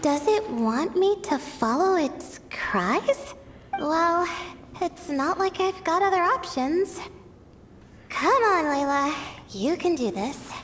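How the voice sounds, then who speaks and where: A woman voicing a shy, sleepy young scholar in a video game, soft-spoken and hesitant. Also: very high-pitched, animated, slow, a little hiss or hum, exaggerated voice. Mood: wary. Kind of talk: game voice acting.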